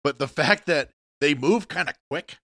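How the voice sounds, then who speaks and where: A man co-hosting a podcast in casual chat, rambling and profane with many halting restarts. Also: a little high, expressive, pushed and bright, no room sound, clean studio sound. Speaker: podcast co-host.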